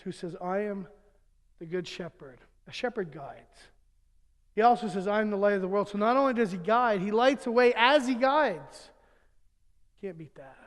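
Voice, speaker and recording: A middle-aged male pastor with a notably high voice, preaching in a church sanctuary. His words ring out with a long hall reverb. He mixes chuckling family anecdotes with earnest appeals. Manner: chuckles through his own jokes, then turns earnest. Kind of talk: sermon with humorous family stories.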